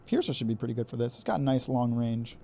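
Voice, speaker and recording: A man streaming a video game live, reacting excitably, swearing and taunting the enemies he fights. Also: mid-range voice, fast, gravelly, slight background noise. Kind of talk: live gameplay commentary.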